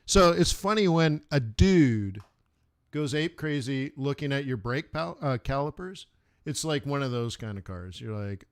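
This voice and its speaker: A man's voice: medium pitch, lively intonation, a little slow, smooth, no echo, clean studio sound. A man hosting a live trading stream, chatting casually and rambling through anecdotes. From United States. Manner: rambling storyteller, laughs at his own anecdotes. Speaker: forex trading stream host.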